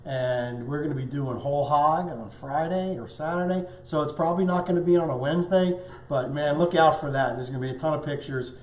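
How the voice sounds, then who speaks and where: A man's voice: fairly high pitch, fairly even intonation, a little fast, hardly any pauses, echoey room. A man hosting a live cooking show as the chef, upbeat and chatty, tasting and talking as he goes. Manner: upbeat, chatty, talks with mouth full at times. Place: home studio kitchen.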